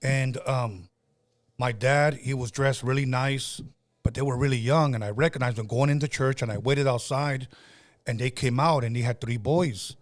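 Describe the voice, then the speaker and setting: A man's voice: mid-range voice, steady tone, moderate pace, dry recording, studio quality. A man hosting a casual podcast, telling a story in a rambling way with many restarts. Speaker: podcast host.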